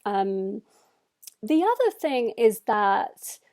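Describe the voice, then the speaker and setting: A woman writer speaking in a personal reflection, thoughtful and measured, pausing often to gather her words. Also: mid-range voice, sing-song, darkish tone. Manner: thoughtful, measured, frequent hesitations.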